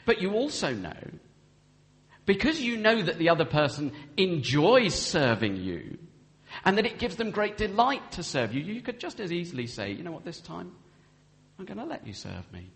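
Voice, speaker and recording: Wildly swooping in pitch, a high, creaky, fairly bright male voice moves at a moderate pace through a sermon about marriage. He delivers it earnestly, performing the vows as quoted speech, and the recording carries a long hall reverb.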